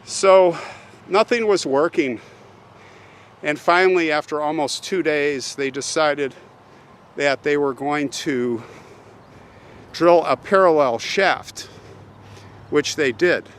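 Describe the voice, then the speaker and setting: A man hosting a vlog, slowly and earnestly retelling a sad story on a walk through a cemetery, with pauses and restarts. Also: a little high. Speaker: host. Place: outdoors at a cemetery. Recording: faint outdoor background noise.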